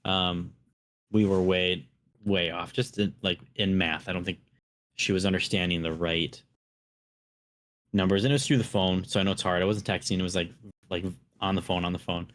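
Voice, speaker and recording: A man's voice: low-pitched, fairly even intonation, moderate pace. A man co-hosting a casual podcast, talking bluntly and with exasperation about a rude customer. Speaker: podcast co-host. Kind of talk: casual chat.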